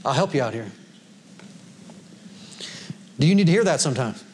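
A man's voice: medium pitch, big pitch swings, normal speed, a little hiss or hum. A man preaching a sermon to a congregation in a folksy way, laughing often and quoting scripture. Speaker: pastor. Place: church sanctuary before a congregation.

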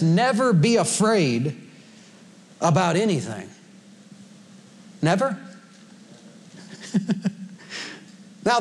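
A man preaching a sermon to a congregation in a folksy way, laughing often and quoting scripture. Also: sits high. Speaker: pastor. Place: church sanctuary before a congregation.

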